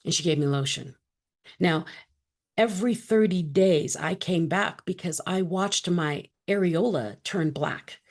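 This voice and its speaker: A middle-aged woman, a guest on an interview show, tells a personal story in an animated way, acting out the lines of the people in it. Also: lowish voice, measured pace. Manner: animated, acts out quoted dialogue.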